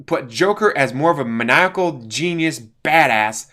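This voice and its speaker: A man's voice: a little high, animated, normal speed, sharp tone. A man hosting a casual movie commentary, ranting bluntly, swearing and filling his talk with "like". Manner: blunt, ranting, profane, lots of fillers. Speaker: channel host.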